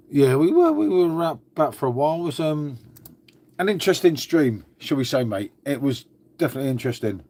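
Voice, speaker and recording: A man's voice: medium pitch, a little mellow. A man from England hosting a casual live stream from home, rambling and calling viewers "mate". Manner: rambling, repeats "mate" and "shall we say". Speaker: livestream host. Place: at home indoors.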